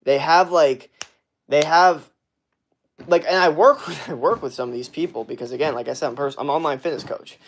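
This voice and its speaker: A man's voice: a little high, fairly quick, a little hiss or hum. A man, an online fitness coach, ranting bluntly and profanely on a livestream with many fillers while answering chat.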